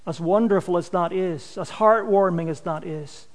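His voice sits high and moves at normal speed, echoing through a large hall. The man preaches with earnest emphasis, and the ends of his phrases trail off in loudness.

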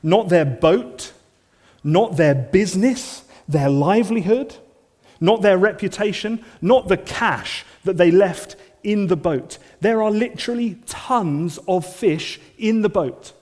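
An earnest male preacher delivering a sermon, his voice a touch higher than most men's. He often sinks to soft, intense phrases for emphasis. The sound carries the long reverb of a large church hall. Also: slow pace.

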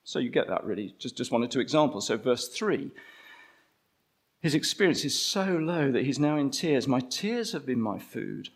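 A man preaching a conversational sermon, slowing down to stress key phrases. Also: mid-range voice, animated.

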